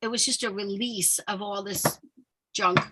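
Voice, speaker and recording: A woman hosting a podcast, telling a personal story in animated, rambling casual chat with frequent laughter. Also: mid-range voice, measured pace, heavy background noise. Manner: rambling with many restarts. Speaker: podcast host.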